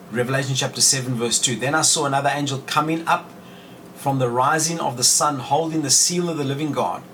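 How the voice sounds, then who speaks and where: A man's voice: mid-range voice, fairly bright tone. Guy reading bible verses then explaining them, podcast teaching, kinda far from the mic, faint hiss behind. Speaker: podcast host teaching scripture.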